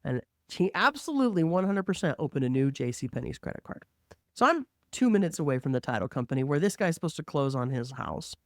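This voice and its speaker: A woman who works as a mortgage lender, telling a work story in an animated, conversational way and acting out the quotes. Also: sits low, fast, dry recording, studio quality.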